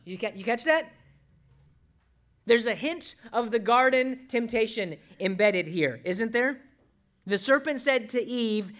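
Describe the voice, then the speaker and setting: Male pastor, high voice, dramatic sermon, acts out quotes, loud then hushed. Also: lively intonation, measured pace. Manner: dramatic, shifts between loud emphasis and hushed asides.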